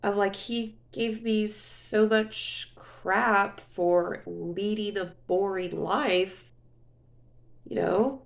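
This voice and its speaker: A woman talks straight to camera in a casual storytime vlog, her voice gravelly with a lot of vocal fry. She rambles as she vents and fills her talk with "you know". She sounds sniffly, close to tears. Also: mid-range voice, slow pace. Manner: rambling, full of "you know", emotional venting. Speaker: vlogger.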